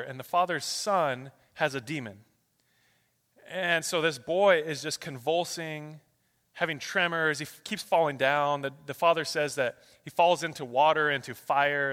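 Bright-voiced preaching pastor, man. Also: a little high, long reverb tail. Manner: preaching with big swings from loud and rapid to soft and slow; reads a long string of scripture verses in quick succession. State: out of breath. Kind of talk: sermon.

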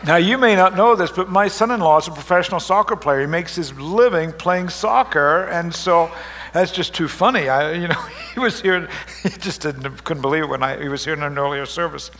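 A middle-aged pastor delivering a lighthearted sermon in church, his voice pitched high for a man. He jokes and teases the congregation with animated, playful delivery. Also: brisk, slight background noise. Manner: joking, animated, teasing the congregation. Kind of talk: humorous sermon. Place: church service.

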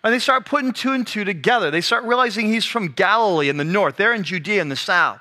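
A male pastor giving a conversational, animated sermon, acting out the scenes he describes. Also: sits high, fast.

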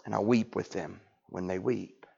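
A man, preaching a sermon that swings from loud to hushed. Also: deep voice, steady tone, moderate pace, creaky, breathy edge. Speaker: pastor. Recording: dull lo-fi recording.

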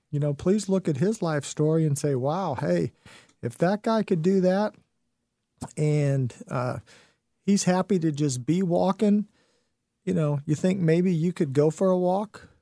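Man, radio host, high voice, mellow tone, earnest motivational talk, lots of fillers. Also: no room sound, clean studio sound. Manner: earnest, storytelling, many fillers.

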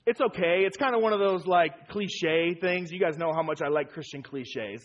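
A man's voice: on the high side, normal speed, lo-fi sound. A man preaching a sermon as pastor, emphatic and repeating key phrases for weight.

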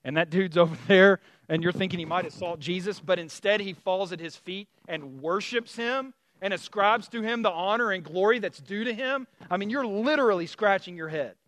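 A man preaching a sermon in a conversational, animated storytelling way, with many fillers and restarts. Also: sits high, normal speed, few pauses. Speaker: pastor.

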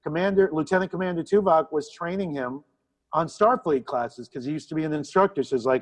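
Man, co-host, casual chat, rambling, swears, higher voice. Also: brisk. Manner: rambling, chatty, profane. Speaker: podcast co-host.

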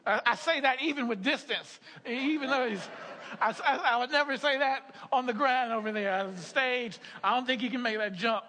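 Middle-aged male pastor, sermon, stammering restarts, high bright voice. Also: normal speed, slight background noise. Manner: repetitive, stammering restarts, laughing asides. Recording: hall reverb.

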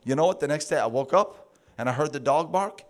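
A man with a fairly high voice delivering a sermon as a lively personal anecdote. He laughs through his lines and slips into a high sing-song when quoting himself, then settles back into plain preaching. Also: a little fast. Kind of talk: sermon storytelling.

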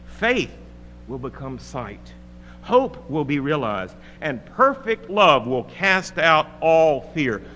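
A man preaching a sermon with a fairly high, lively voice and a bright, forceful edge. He swings dramatically from soaring peaks to hushed lines. The sound carries a long reverb in a church hall, with a faint hum underneath. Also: slow.

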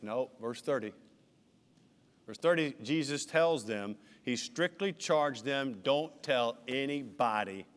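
A man preaching a sermon as senior pastor, emphatic with shifting dynamics. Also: a little high. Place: church sanctuary. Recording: reverberant church hall.

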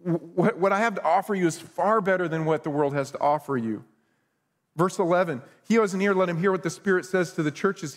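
A man's voice: high-pitched, long reverb tail. A middle-aged male pastor preaching a conversational sermon with self-deprecating humor.

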